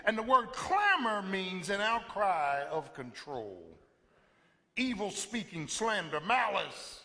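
Male pastor, live sermon, high and lively, slow delivery with shouted peaks, hall reverb. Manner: animated preaching, call-and-response, sudden loud bursts. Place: church sanctuary.

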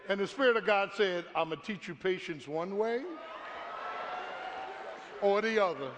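A middle-aged pastor preaching a sermon, telling stories and calling out to his congregation, sometimes shouting. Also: high voice, animated, measured pace, pauses often. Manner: storytelling preacher, shouting at climaxes, talks to the congregation. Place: church hall before a congregation. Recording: live church recording with long reverb.

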